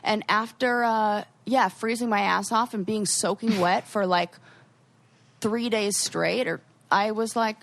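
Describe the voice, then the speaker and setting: A young woman co-hosting a podcast, telling animated stories in casual chat with quoted asides. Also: medium pitch, a little slow, vocal fry. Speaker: podcast co-host.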